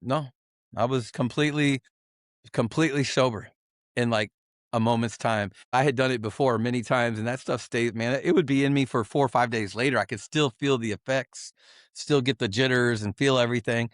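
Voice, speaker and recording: A man's voice: mid-range voice, fairly even intonation, moderate pace, no echo, clean studio sound. A man guest on a podcast giving an emotional, earnest personal testimony, often restarting and repeating himself.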